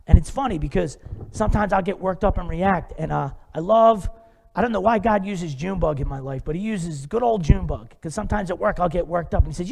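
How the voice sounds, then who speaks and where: A man preaching in a church with a high, gravelly voice. He talks in a loose, conversational way and asks the congregation rhetorical questions. His voice rings with long reverb in the sanctuary. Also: darkish tone. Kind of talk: sermon.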